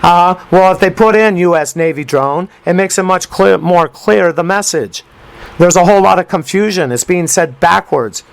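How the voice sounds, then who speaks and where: A man's voice: high-pitched, normal speed, vocal fry, rough recording. A man hosting a talk radio show, commenting on a news clip in an emphatic, rambling way with rhyming asides. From United States.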